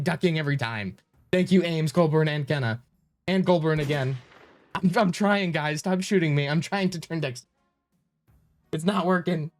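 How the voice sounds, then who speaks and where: Flustered male streamer, faint music behind. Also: a little high. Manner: flustered, rambling while fiddling with settings. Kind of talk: live-stream chatter.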